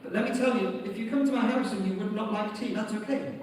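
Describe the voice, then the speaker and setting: A man's voice: high voice, fast, darkish tone, a little hiss or hum. British man preaching in an echoey church. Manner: storytelling, lightly humorous. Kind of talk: sermon. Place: large church hall. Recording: echoey hall from far off.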